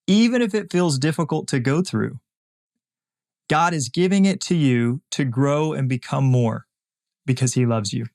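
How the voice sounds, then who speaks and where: A man's voice: mid-range voice, normal speed, darkish tone. A man hosting a podcast, giving an earnest, emphatic motivational faith talk and repeating phrases for emphasis. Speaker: podcast host.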